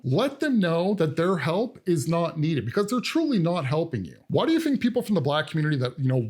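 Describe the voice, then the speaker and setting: A man's voice: a little high, a little mellow. A man hosting a reaction commentary, lecturing his viewers directly. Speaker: commentary host.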